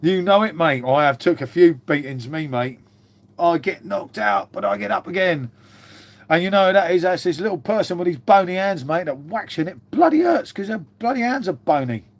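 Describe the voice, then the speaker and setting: A man's voice: fairly high pitch, animated, moderate pace. A man chatting casually on a live stream, swearing freely and calling his viewers mate.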